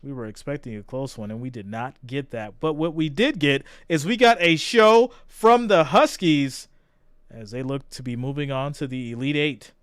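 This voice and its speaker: A man's voice: medium pitch, normal speed, smooth, dry recording, studio quality. A man hosting a live reaction stream, chatting casually and greeting viewers by name. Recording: music playing behind the voice.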